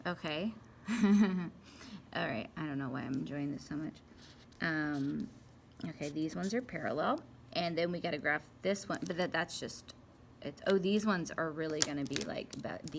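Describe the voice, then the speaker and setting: In a low, gravelly voice, a young female math teacher gives a casual lesson, playfully chatting to herself while she works through graphing problems. There's slight background noise.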